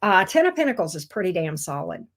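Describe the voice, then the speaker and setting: Chatty, excitable woman tarot reader. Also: lowish voice, fast. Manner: chatty and excitable, swears when thrilled. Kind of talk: casual live tarot reading.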